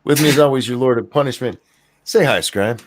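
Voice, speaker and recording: An older man hosting a casual podcast chat, relaxed and rambling with fillers. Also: medium pitch, fairly quick. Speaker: host.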